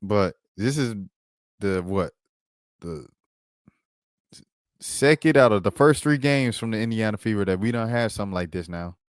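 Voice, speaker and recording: Deep-voiced guy doing a loose slangy basketball recap, dry close sound. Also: normal speed, long pauses, clean tone, no room sound. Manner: animated, slangy, talks while pulling up clips. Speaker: basketball commentator and vlogger. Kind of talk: casual sports recap vlog.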